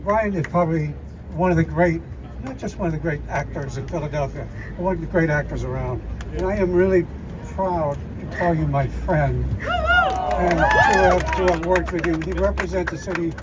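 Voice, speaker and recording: A man's voice: fairly high pitch, sing-song. A man, an actor, giving a short, earnest tribute to a fellow actor at an outdoor union rally. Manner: earnest, deliberate. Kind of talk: short heartfelt tribute speech. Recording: loud crowd and street noise outdoors.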